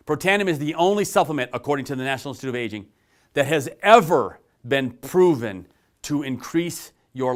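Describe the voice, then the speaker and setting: A middle-aged man delivers a sales pitch with emphatic conviction. His voice sits at an ordinary male pitch, and he keeps leaning on repeated rhetorical questions to drive each point home. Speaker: network marketing presenter. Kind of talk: persuasive sales pitch to camera.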